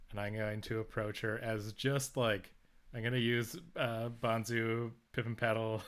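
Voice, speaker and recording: A man's voice: fairly low pitch, fairly bright tone. A young adult man playing a tabletop game, rambling and chuckling as he plans his move. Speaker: player. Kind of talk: casual tabletop game talk.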